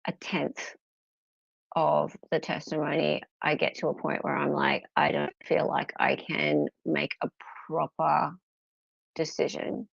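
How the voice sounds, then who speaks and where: A woman's voice: low-pitched, little pitch movement, a little slow, gravelly, husky, no room sound. An Australian woman hosting a livestream, chatting casually and playfully with her chat. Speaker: livestream host reading chat. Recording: dull lo-fi sound.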